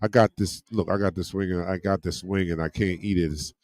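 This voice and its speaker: Excitable fan calling plays, dry sound. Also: male voice, sits low, fairly quick, no echo. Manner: excited play calls, chatty asides to chat and friends. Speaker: fan watch-along host giving play-by-play. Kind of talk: casual play-by-play commentary.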